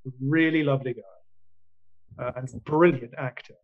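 A man's voice: mid-range voice, fairly even intonation, moderate pace, phone-quality sound. A man in his sixties, an actor being interviewed, telling long anecdotes with many restarts and quoted asides. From England. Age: 60s. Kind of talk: casual storytelling in an interview.

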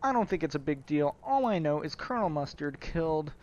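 A man's voice: a little high, animated, brisk, a little mellow, muffled recording, natural voice. A man voicing an indignant, ranting man with a put-on Brooklyn accent. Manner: ranting, defensive, repetitive.

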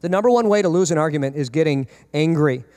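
A man in his thirties, a pastor preaching a sermon, animated and acting out quoted parents and kids. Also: on the high side, fast, in a large hall.

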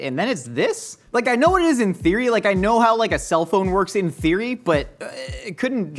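A man hosting a casual cooking demonstration in a kitchen studio, joking and wandering into rambling asides, jumping into a high squeaky voice when acting out stories. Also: fairly bright tone. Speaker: cooking show host.

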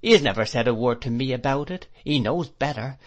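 A male audiobook reader voicing a loud, blunt middle-aged woman servant who talks in an emphatic, scolding way. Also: medium pitch, animated, brisk, lightly acted. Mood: indignant. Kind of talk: audiobook character reading.

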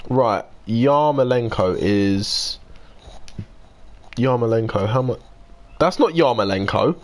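Chatty 19-year-old British streamer. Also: male voice, fairly low pitch, a little hiss or hum. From United Kingdom. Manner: chatty, reads out and answers viewer messages; swears and grumbles while playing. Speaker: live streamer. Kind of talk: casual live-stream gameplay chat.

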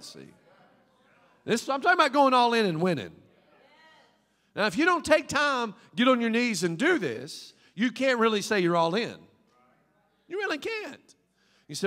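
A man preaching a sermon as pastor, fervent, with call-and-response prompts to the congregation and swings between loud exclamations and quiet asides. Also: sits high, very animated, moderate pace, pauses often, long reverb tail. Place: church sanctuary.

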